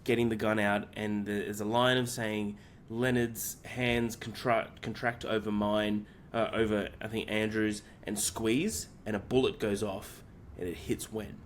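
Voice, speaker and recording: A man with a fairly low voice talks through a story on a film podcast, piling on "um"s and loose asides. He speaks casually and swears easily. The delivery is relaxed and conversational, with a faint hiss of noise behind him. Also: unhurried. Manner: rambling plot retelling with many fillers. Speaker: podcast co-host.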